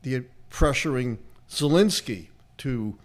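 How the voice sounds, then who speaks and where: A man's voice: mid-range voice, lively intonation, slow. An older man with a Brooklyn accent, giving emphatic, lecturing political analysis on a livestream. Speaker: political historian guest answering questions.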